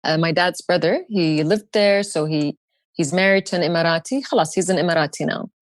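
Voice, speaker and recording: A woman's voice: on the low side, dry recording. Woman guest, impassioned storyteller, sarcastic edge, dry close sound. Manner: fast, forceful, sarcastic. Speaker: podcast guest.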